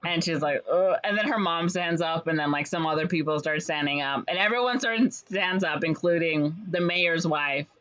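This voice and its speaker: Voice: moderate pace, few pauses, a bit bright. Young person rambling thru a musical's plot, lots of ums, kinda dull lo-fi sound. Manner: rambling storyteller with many fillers, jumps to higher pitch for quoted lines. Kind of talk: casual chat. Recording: slightly dull lo-fi recording.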